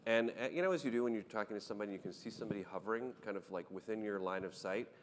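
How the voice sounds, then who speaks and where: Man, panel guest, animated storyteller, frequent restarts, slight background noise. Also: on the low side, racing, in a large hall. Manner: animated anecdotes with many restarts. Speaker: panel guest, startup founder.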